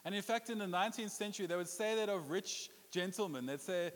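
A man's voice: high-pitched, fast talker. A man preaching a sermon as pastor, playful and joking, slipping into put-on voices for quotes. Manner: playful, jokes and puts on accents. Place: church hall with a congregation. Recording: long hall reverb.

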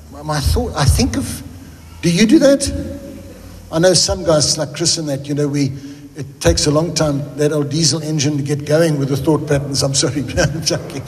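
A man's voice: on the high side, long reverb tail. A South African man preaching a sermon in a chatty, joking manner, drifting into tangents. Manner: humorous, conversational, goes off on tangents. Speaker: pastor.

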